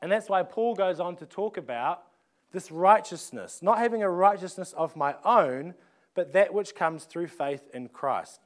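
A man's voice: high voice, expressive, unhurried. A man, preaching a sermon in a conversational way, often restarting phrases and asking rhetorical questions. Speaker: pastor.

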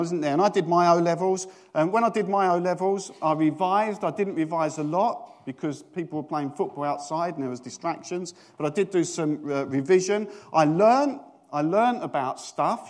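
Middle-aged man from Britain, preacher, fairly high voice, chatty sermon with self-deprecating jokes. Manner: chatty, self-mocking, asks the congregation questions. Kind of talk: storytelling sermon.

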